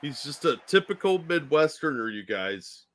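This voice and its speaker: A man's voice: fairly high pitch, big pitch swings, moderate pace, heavy background noise. A man co-hosting a live reaction stream, irritated and profane, openly exasperated by what he hears. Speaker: co-host.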